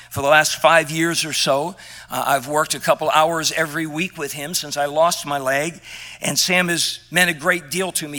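A man preaching a sermon as pastor, emphatic and impassioned, dropping quiet at tender moments. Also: high-pitched. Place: church sanctuary.

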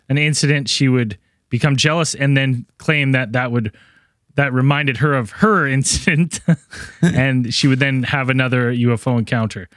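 A man's voice: medium pitch, fairly bright tone, no room sound, studio quality. A man co-hosting a podcast in casual chat, talking over a remote call, rambling with restarts and laughing often. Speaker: podcast co-host. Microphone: remote call mic.

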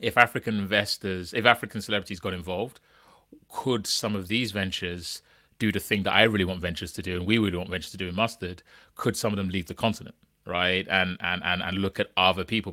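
A man with a low, bright-toned voice hosts a casual podcast chat. He rambles through questions, restarting sentences and checking in with "right?" as he goes. The sound is dry and close. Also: dry recording. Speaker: podcast host.

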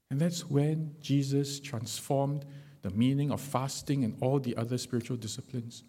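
A man preaching a sermon, swinging between loud emphatic stretches and quiet, low drops. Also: fairly even intonation, moderate pace, husky.

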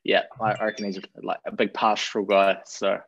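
A man with a lowish voice answers interview questions in a relaxed, self-deprecating way, thinking out loud as he goes. The recording is dull and lo-fi. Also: fairly quick, a little hiss or hum. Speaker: rugby performance director. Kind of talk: interview guest.

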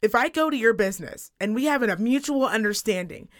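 A woman in her thirties co-hosting a casual podcast, telling a story in an animated, profane rant. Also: on the high side, brisk. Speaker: podcast co-host. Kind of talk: casual chat.

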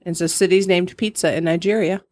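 A woman's voice: lowish voice, steady tone, brisk, a little mellow, dry recording, clean studio sound. A middle-aged woman co-hosting a podcast in casual chat, rambling and laughing often. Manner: chatty, giggly, rambling. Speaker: podcast co-host.

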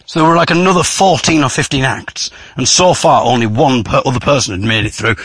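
A man telling a story about a comedy night, acting out the crowd's shouts. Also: mid-range voice, brisk, breathy edge, dry recording. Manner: animated, acts out crowd shouts. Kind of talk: storytelling vlog.

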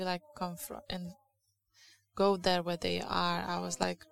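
A woman preaches in English with a Lithuanian accent. Her voice sits low and gravelly, with a fairly flat melody. She speaks candidly and confessionally, pausing and restarting as she goes. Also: low-quality recording. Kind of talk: sermon.

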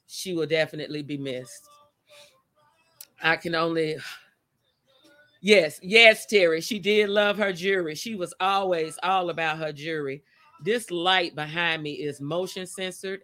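This live show host's deep voice carries a fairly bright tone. She chats emotionally and directly with her viewers during a casual stream, standing outdoors by a motion-sensor light as the wind blows.

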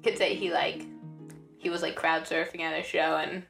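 A woman's voice: sits low, flat delivery, vocal fry, distant mic, over loud music. A young woman co-hosting a casual film podcast, playful and teasing. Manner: playful, teasing, quick to laugh. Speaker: podcast co-host. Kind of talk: casual chat. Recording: roomy echo.

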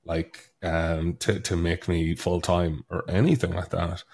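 A low-voiced Irish man with a gravelly edge tells stories with lively energy as a podcast guest. He is getting over a cold, and his voice has a husky, raspy grain to it. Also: a little slow. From Ireland. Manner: animated storyteller, acts out quoted lines. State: sick with a cold. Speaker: guest author. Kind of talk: casual podcast interview.

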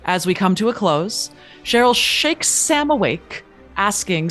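A woman's voice: mid-range voice, sing-song, measured pace, fairly bright tone, soft background music. A woman giving a scripted recap narration.

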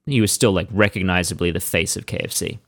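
Male podcast host, low register, dry close sound, relaxed storyteller. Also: fast talker, gravelly, dry recording. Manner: conversational, relaxed storytelling with restarts. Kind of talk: casual chat.

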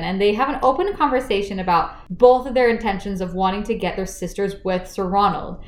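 A woman co-hosting a casual book chat, retelling the plot with lively acted-out quotes. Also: mid-range voice, a little fast, hardly any pauses, echoey room. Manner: retells the plot animatedly, acting out the characters' lines. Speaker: podcast co-host recapping a book.

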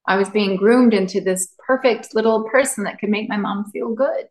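A woman's voice: medium pitch, moderate pace, darkish tone, reverberant, rough recording. A woman relationship coach, a podcast guest, telling personal stories in an open, heartfelt way. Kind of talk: candid interview talk.

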